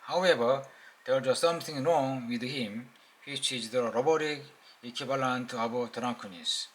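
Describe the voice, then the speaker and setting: A man with a Korean accent voicing a calm, reasoning male engineer in a slow, careful reading. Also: mid-range voice, slight background noise, natural voice, poor audio. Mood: explaining.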